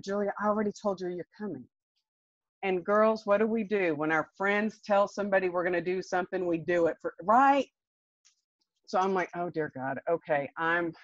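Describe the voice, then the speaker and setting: A woman telling her story to a group in a folksy, animated way. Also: on the low side, dry recording. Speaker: sales director sharing her story. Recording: dull, muffled dry recording.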